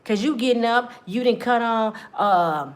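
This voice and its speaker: Delivering a comedic monologue, this female talk show host acts out small scenes, alternating loud outbursts with quiet asides. Her voice is a little high and a little slow.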